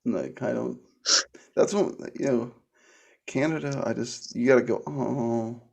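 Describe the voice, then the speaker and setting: A man's voice: medium pitch, moderate pace, vocal fry, darkish tone, breathy edge. A middle-aged man from the United States, co-hosting a casual chat and joking crudely with plenty of swearing. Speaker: co-host.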